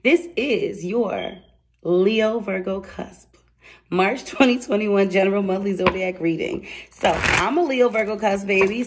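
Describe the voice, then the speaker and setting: A woman giving a casual tarot reading to camera, excitable and chatty, blunt and slangy, speaking straight to her viewers. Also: medium pitch, heavy background noise. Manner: excitable and chatty, laughs and exclaims. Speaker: tarot card reader.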